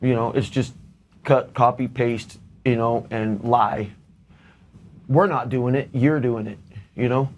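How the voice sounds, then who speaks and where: A man's voice: medium pitch, steady tone, takes it slowly, pauses often, a little mellow. A man speaking as a guest in a casual interview, blunt and plainspoken.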